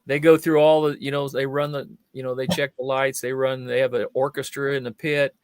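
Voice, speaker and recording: On a chat show, an older magician and fire eater tells anecdotes in a clear, resonant mid-range voice, speaking a little fast with no room sound. He brings his stories to life by performing the quoted voices of their characters.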